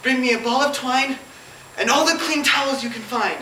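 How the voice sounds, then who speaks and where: A woman's voice: sits high, normal speed, sharp tone, echoey room, recorded from a distance, slight background noise, low-quality recording. A woman voicing a headstrong young belle who barks orders imperiously. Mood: bossy. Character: bossy, fiery young Southern belle.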